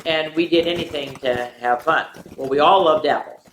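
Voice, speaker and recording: An older woman, a retired teacher, reading picture books aloud to children in an animated way, with playful sound effects and chatty asides. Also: low-pitched, moderate pace. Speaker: children's story reader. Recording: echoey room with faint noise.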